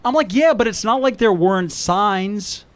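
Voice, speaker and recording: A man's voice: high voice, animated, moderate pace, a crowd in the background. A male stand-up comedian from New York telling jokes in a conversational way and acting out talks with friends, recorded outdoors on a rooftop. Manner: conversational, acts out dialogue with friends.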